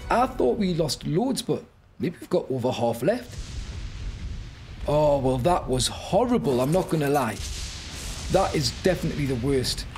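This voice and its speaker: A young man giving excitable, panicky live commentary on his gameplay and shouting orders to his creatures. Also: fairly high pitch, a little slow. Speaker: gaming YouTuber. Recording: loud game music behind the voice.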